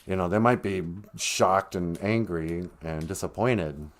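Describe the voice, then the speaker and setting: A man's voice: low-pitched, a little slow. A man hosting a live stream from home, talking candidly and rambling, with frequent asides that interrupt himself. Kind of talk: casual live-stream talk.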